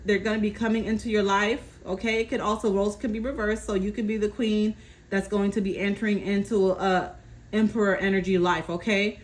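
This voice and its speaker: A woman doing a casual tarot reading, calmly relaying messages from spirit and often checking in with her listener. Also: medium pitch, brisk, poor audio. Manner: reassuring, keeps checking in with "okay?". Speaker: tarot reader.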